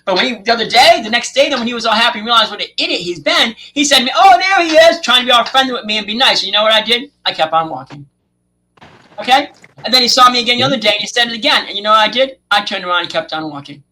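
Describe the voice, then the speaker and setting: A man co-hosting a podcast, chatting casually and telling stories with drawn-out emphasis and frequent "okay?" checks. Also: high voice, lively intonation, sharp tone, poor audio. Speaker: podcast co-host.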